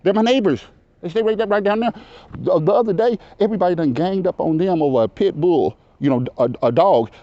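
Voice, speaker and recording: A man in his fifties talks loud and rambles, circling back with "you know what I'm saying" as he tells his story. His voice sits high for a man, and the recording is dull and lo-fi. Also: brisk. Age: 50s. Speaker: local resident telling his story. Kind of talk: casual conversation.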